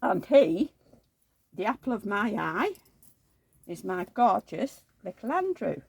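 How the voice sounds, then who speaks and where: Woman in her 70s, chatty storytelling, bouncy lively pitch, dry close sound. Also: slow, gravelly, husky, no echo. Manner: rambling anecdotal storytelling, acts out quoted dialogue. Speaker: reborn doll collector. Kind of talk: chatty home vlog.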